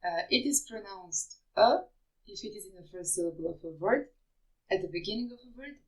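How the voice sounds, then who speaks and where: A woman's voice: medium pitch, animated, brisk, rough recording. A woman teaching pronunciation, spelling out rules and carefully over-articulating example words. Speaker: French teacher. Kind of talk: slow, deliberate pronunciation lesson.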